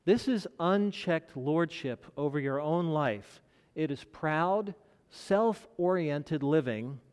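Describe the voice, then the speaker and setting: A man with a fairly high voice delivers a sermon at an unhurried, deliberate pace. He leans into key phrases with rising emphasis and lets pauses hang. His voice carries through the long reverb of a large hall. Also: lively intonation, darkish tone, clean tone. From United States. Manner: measured preaching with dramatic pauses and rising emphasis. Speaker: pastor.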